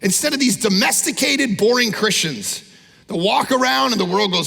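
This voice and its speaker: A man preaching an energetic sermon, his voice high and heavily gravelly. His tone is bright and husky. He pushes up into shouts and acts out the people he describes, and a long hall reverb trails each line. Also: normal speed, soft background music. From Canada. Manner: animated, shouting peaks, mimics people. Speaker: pastor. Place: large church auditorium.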